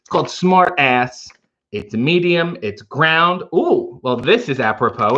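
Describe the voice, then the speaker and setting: A man's voice: a little high, lively intonation, unhurried, pushed and bright, lo-fi sound. A man hosting a casual livestream, making coffee and reading out viewer comments with playful, wry asides. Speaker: livestream host reading chat.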